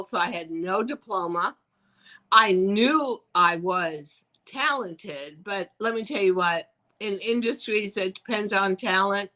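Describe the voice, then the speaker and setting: An older woman, a fashion designer, telling her life story as an interview guest, animated and acting out the voices of people she quotes. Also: medium pitch, low-quality recording.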